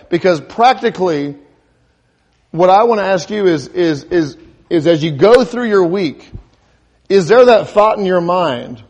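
A man's voice: high voice, expressive, unhurried, darkish tone. A man preaching a sermon, asking his listeners questions and building to emphatic peaks, with frequent restarts and repeated words. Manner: rising to emphatic crescendos, asks the congregation questions.

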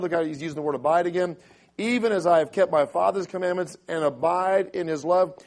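Here a middle-aged pastor with a raspy, high-pitched voice preaches briskly, getting loud and emphatic as he quotes scripture.

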